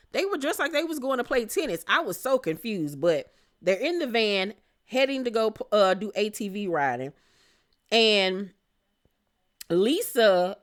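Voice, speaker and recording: Sassy woman recapping reality TV. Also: mid-range voice. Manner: sassy, animated, laughs and exclaims. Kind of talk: casual recap commentary.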